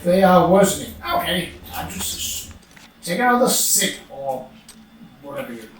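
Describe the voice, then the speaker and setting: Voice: medium pitch, big pitch swings, measured pace, recorded from a distance. A gamer chatting casually over gameplay, musing and muttering to themself and humming now and then. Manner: musing, mutters to self, hums. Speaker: let's play gamer. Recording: very echoey room, off-mic, faint hiss.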